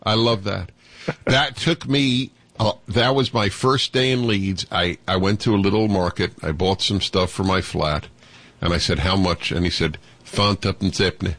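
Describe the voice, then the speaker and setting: A man's voice: lowish voice, normal speed, a bit bright, no room sound. A man hosting a radio talk show, effusive and jokey, sometimes talking over his guest. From United States.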